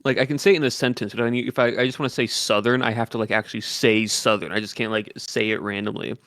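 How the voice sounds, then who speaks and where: A man in relaxed chat with a streamer, rambling through his thoughts with plenty of fillers and restarts. He talks at a middle pitch and slips into explaining game tactics step by step. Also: fast talker, no echo. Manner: rambling, full of fillers, gives game tips. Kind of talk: casual chat while gaming.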